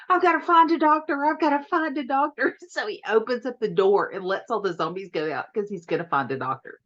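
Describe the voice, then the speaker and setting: A woman's voice: mid-range voice, highs cut off. A woman reviewing a horror movie in a chatty, giggly way, often repeating her words. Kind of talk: casual video review.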